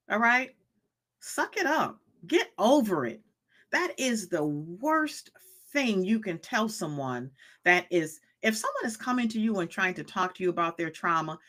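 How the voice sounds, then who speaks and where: A woman's voice: fairly low pitch, fairly bright tone. A woman hosting a motivational live stream, speaking in a preachy way, repeating her questions and reading chat comments aloud.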